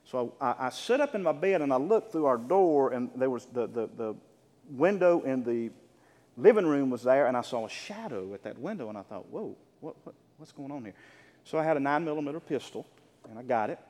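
A middle-aged male pastor preaching a sermon to his congregation, telling a story with animation and at times shouting out the lines. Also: mid-range voice, animated, brisk. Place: church sanctuary. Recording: echoey hall with long reverb.

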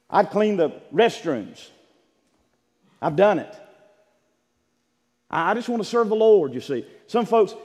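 A man preaching a sermon in an emphatic, repetitive style with bursts of shouting. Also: sits high. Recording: church sanctuary with long reverb.

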